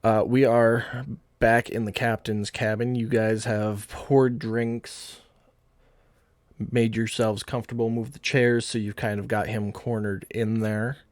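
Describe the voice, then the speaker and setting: A man running a tabletop game as game master, narrating scenes in a relaxed, rambling manner. His voice sits on the low side and sounds dry and close to the mic. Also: takes it slowly, no echo.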